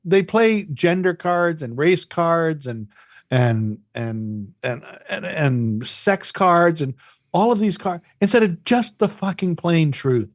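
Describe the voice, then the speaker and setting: A man's voice: on the high side, expressive, slow, no room sound. Former radio guy on a podcast, cusses a lot, keeps repeating himself, super dry sound. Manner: profane, emphatic, repeats words. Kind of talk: casual chat.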